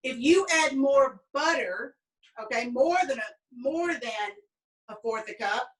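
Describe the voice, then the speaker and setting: A woman's voice: sits high, lively intonation, unhurried, far from the mic, low-quality recording. A Southern woman with a Southern US accent, telling family stories in a chatty, rambling way while teaching a baking lesson. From American South. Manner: chatty storyteller, folksy and rambling. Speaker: cooking instructor. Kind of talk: casual baking demonstration.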